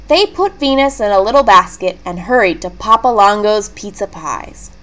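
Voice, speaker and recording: A woman reading a leveled children's book aloud, clear and expressive. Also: mid-range voice, moderate pace, hardly any pauses. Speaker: storybook reader.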